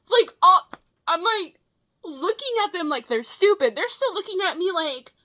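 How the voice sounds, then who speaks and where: A young woman in her twenties tells stories from her past in a casual, animated way. Her voice sits high and swoops all over, bright and sharp, and she swears freely and fills gaps with "um" and "like". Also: normal speed. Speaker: vlogger. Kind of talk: casual storytelling.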